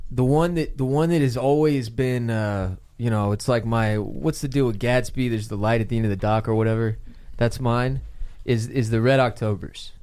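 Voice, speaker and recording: A man's voice: mid-range voice, normal speed, darkish tone, clear, resonant tone. A man co-hosting a casual podcast chat, swearing freely and laughing at himself. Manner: swears freely, laughs often, self-mocking. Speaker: podcast co-host.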